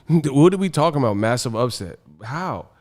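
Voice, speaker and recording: A man's voice: mid-range voice, lively intonation, measured pace, darkish tone. A man hosting a boxing livestream, ranting casually in an exasperated, slangy way and laughing often. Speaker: boxing stream host.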